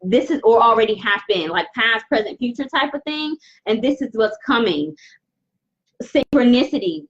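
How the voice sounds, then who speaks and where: A woman's voice: fairly high pitch, animated. Earnest woman tarot reader, lo-fi. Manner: halting, repetitive, with many restarts; earnest, addresses viewers directly. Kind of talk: live intuitive tarot reading.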